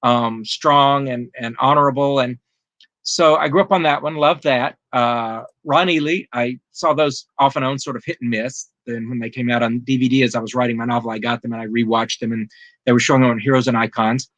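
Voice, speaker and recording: A man's voice: medium pitch, steady tone, fairly quick, a bit bright, dry recording. A man speaking as the guest author in an interview, in an earnest and thoughtful way. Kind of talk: interview conversation.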